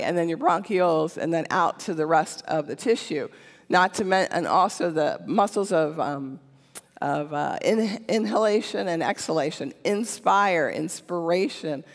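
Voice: mid-range voice, creaky. A church speaker giving a casual teaching talk, conversational and often checking in with "okay?". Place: church sanctuary. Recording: long church hall reverb.

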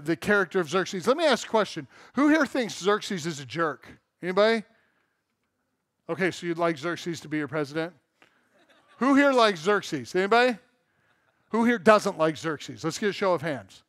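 Male pastor, high voice, casual sermon with self-deprecating humor, recorded dry. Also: a bit bright, no echo. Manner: conversational, asks the congregation questions. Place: church sanctuary.

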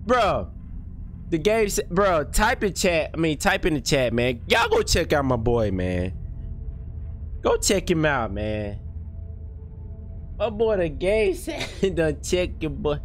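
High, jumpy young male game streamer. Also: slow, pauses often, faint music behind. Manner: jumpy, excitable, slangy, talks to chat. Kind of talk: live horror gameplay commentary.

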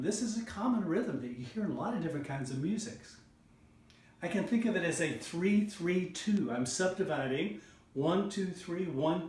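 A middle-aged man teaching body percussion in an online lesson, coaxing listeners to join in and chanting rhythm syllables. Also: high-pitched. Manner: encouraging, coaxing call-and-response. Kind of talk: online music lesson for children. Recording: roomy sound, mic at a distance.

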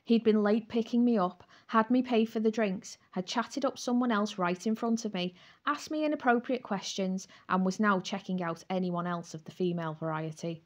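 Female narrator, mid-range voice, wry expressive read of a first-person novel. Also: mid-range voice, normal speed, few pauses, highs cut off. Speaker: audiobook narrator.

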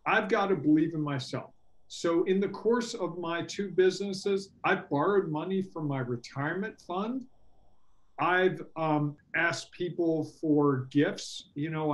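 Earnest man coaching entrepreneurs. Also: fairly high pitch. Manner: earnest, animated, acts out quoted dialogue. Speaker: workshop presenter and business coach. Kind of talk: casual workshop talk.

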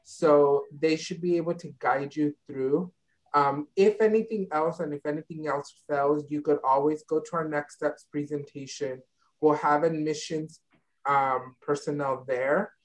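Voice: medium pitch, steady tone, unhurried, low-quality recording. A university advisor explaining admissions steps on a video call, with frequent ums and restarts. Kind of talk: online info session Q&A.

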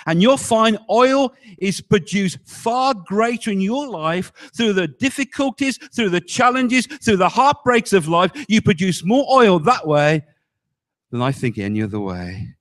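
A male pastor preaching a sermon, emphatic, often dropping low on key words and asking the congregation rhetorical questions. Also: big pitch swings, a little slow, a bit bright.

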